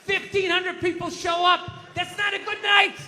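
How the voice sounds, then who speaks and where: A man doing a profane, shouting stand-up comedy rant at a live show. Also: very high-pitched, flat delivery, moderate pace. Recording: live show with audience noise.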